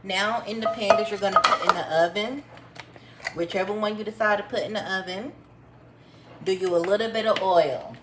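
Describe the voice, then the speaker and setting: A woman's voice: medium pitch, fairly even intonation, moderate pace, background noise. A woman vlogger cooking in her home kitchen, talking viewers through the recipe step by step in a chatty, homespun way. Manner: chatty, addresses viewers as y'all, homespun instructions. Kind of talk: casual cooking tutorial.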